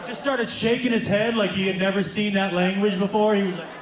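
On a comedy club stage, a man with a high voice tells a story at a brisk pace and a steady tone, acting out both sides of a dialogue between himself and his son. The stage recording is roomy, with crowd noise and audience laughter behind him.

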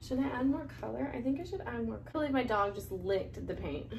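Excitable young woman vlogger, high lively voice. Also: moderate pace, background noise. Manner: excitable, gasping, exclaims often. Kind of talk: casual vlog narration.

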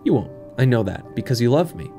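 A gentle talking cat that comforts a crying child, as a man puts him on. His voice is soft, slow and lively in pitch, with faint music underneath. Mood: tender.

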